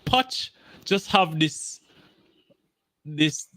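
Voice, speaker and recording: A man arguing about football on a podcast, animated and swearing. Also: fairly high pitch, extremely slow, no room sound, studio quality. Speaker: podcast co-host. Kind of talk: heated football banter.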